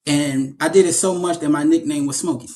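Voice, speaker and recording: Man, actor guest, casual interview, slightly high voice, animated storytelling, repeats words. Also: fairly quick.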